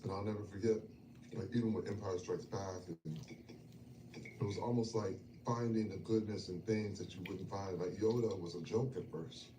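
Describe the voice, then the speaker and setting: A man telling personal stories in a casual chat over a meal, emotional and animated, dropping to murmurs and rising to loud bursts. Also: low voice, normal speed. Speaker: guest. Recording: echoey, distant, noisy room.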